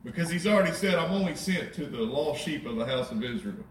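Animated preacher in an echoey church. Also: male voice, a little high, quick pace, distant mic, a little hiss or hum. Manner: conversational, animated, wry asides. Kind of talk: sermon. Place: church sanctuary.

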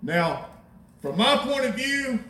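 A high-voiced man preaches a sermon in a lively, conversational way, tossing in wry asides. His voice swings widely in pitch. He is picked up from a distance in an echoey church, with faint room sound behind him. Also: slow. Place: church sanctuary.

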